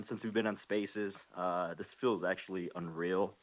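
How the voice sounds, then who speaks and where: A man greeting listeners in an online chat, excited and using fillers. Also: deep voice, measured pace. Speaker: guest. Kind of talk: casual chat.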